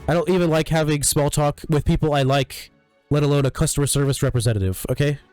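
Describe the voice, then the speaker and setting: Sick guy streaming, keeps clearing his throat, swears a ton, rambly, some quiet music going. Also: a little high, steady tone, fast. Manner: profane, ranting, full of fillers. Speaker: livestreamer. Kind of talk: casual rambling stream chat. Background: faint music.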